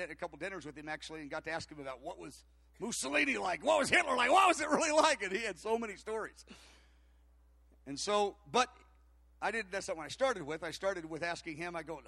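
A man's voice: a little high, no room sound. An older man preaching, telling a long personal story with many fillers and restarts. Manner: animated, rambling anecdotes with many fillers and restarts. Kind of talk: storytelling sermon.

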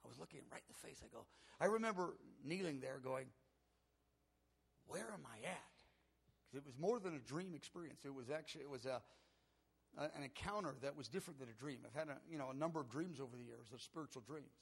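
A man's voice: mid-range voice, lively intonation, quick pace, gravelly, slightly rough. A middle-aged man preaching a sermon, telling a personal story with earnest emotion that builds in intensity. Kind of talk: sermon testimony.

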